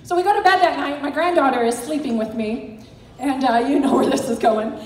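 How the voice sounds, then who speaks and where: Middle-aged woman, high voice, earnest motivational speaker, recorded from far off in a hall. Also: a little fast, a little mellow, a little hiss or hum. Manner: earnest, encouraging storyteller. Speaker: direct sales team director. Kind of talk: motivational talk to an audience.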